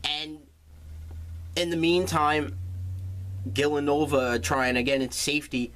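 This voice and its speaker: A man's voice: a little high, a bit bright. A man recapping a film's plot in a casual, sarcastic way, swearing freely as he goes. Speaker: movie reviewer.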